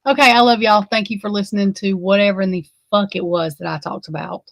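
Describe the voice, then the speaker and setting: A woman's voice: medium pitch, steady tone, fast, vocal fry, no room sound. A woman with an Alabama accent hosting a casual chat, rambling and swearing freely. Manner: rambling and profane, with frequent swearing. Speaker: host.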